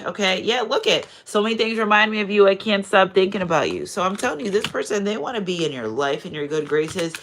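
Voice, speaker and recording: A woman's voice: lowish voice, brisk, few pauses, noisy background. A woman giving a casual spiritual card reading to her viewers. She talks in a chatty, digressive way, often asks "you know what I'm saying," and turns effusive and emotional when thanking them. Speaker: tarot card reader and channel host.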